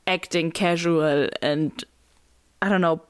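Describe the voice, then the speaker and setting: A woman co-hosting a casual book podcast, giggly and animated, with lots of fillers. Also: on the low side, slow pace, smooth. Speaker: podcast co-host. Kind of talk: casual book-club chat.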